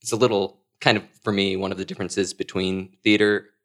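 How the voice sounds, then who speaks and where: A man, a sketch comedian, talking through his craft in a casual interview, thoughtful and quick to laugh. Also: sits low, level tone, fairly bright tone. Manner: thoughtful, laughs often, quoting himself in asides.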